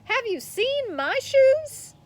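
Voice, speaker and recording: A woman's voice: very high voice, big pitch swings, slow, voice pushed up, full character voice. A woman voicing a boastful, bossy schoolboy who is the class kickball star, reading a storybook aloud. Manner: brash, taunting.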